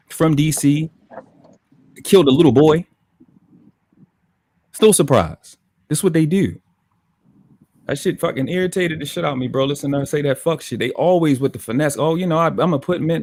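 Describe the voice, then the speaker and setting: A man's voice: on the high side, darkish tone. A man with a Baltimore accent ranting with heavy profanity as a guest in a livestream talk. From Baltimore, USA. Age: adult with children. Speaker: podcast guest.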